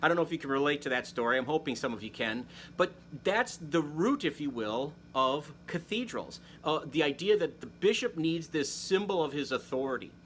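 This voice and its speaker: A man with a slightly higher voice hosts a relaxed talk about church history in a friendly, conversational way. He drops in self-deprecating asides. A faint hiss sits under the recording. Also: brisk, few pauses. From Wisconsin, United States. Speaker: host. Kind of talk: casual catechetical talk to camera.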